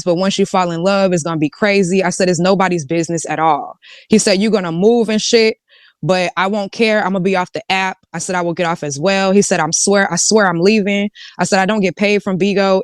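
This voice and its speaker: Woman, live streamer, reads out her texts, slangy and candid, smooth voice, dry sound. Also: lowish voice, no room sound. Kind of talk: casual recounting of messages.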